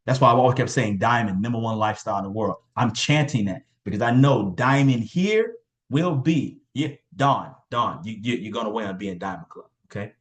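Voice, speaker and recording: A man's voice: on the low side, lively intonation, a little fast. Hype-driven man hosting a team call. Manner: hype-driven, repeats names and phrases. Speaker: call host. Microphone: video call.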